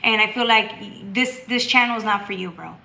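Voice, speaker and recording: A woman's voice: medium pitch, fairly quick, gravelly. A woman hosting a tarot livestream, chatting casually and bluntly with viewers. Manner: blunt and scolding, reads chat aloud, bursts into loud laughter. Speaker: tarot reader and livestream host.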